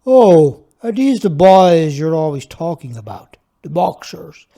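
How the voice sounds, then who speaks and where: A man voicing a polite, well-spoken woman customer with a soft voice in a storybook reading. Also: a little high, very animated, measured pace, gravelly, exaggerated voice. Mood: curious.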